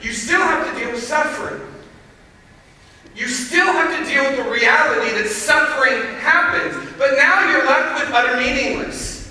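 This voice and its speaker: A man giving a chapel sermon, telling stories conversationally and building to loud emphasis, recorded from far off in a large hall. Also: extremely high pitch, normal speed. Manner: conversational storytelling, rising to shouts. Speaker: chapel speaker.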